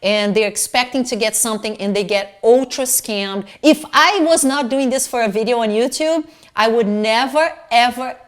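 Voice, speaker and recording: A middle-aged woman ranting in a casual vlog, animated and indignant, swearing freely as she talks to viewers at home. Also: fairly high pitch, moderate pace, hardly any pauses. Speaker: fashion vlogger.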